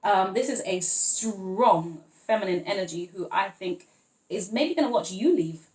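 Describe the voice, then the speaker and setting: Woman tarot reader, mid-pitched, loose and playful, lots of ums and laughs, recorded in an echoey room. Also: lively intonation, measured pace, darkish tone, a little hiss or hum. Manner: playful, rambling, chatty, with frequent laughs and fillers. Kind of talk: casual tarot reading to camera.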